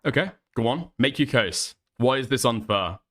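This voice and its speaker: Man, streamer host, blunt, profane, argumentative, bright tone. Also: mid-range voice, animated, normal speed. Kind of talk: heated livestream commentary.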